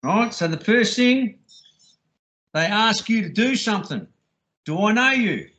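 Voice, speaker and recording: Man, slow, bright, crude. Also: high-pitched, expressive, muffled recording. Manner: mocks the officer's lines, crude and insistent. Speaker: caller recounting a police stop. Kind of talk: rambling call-in monologue.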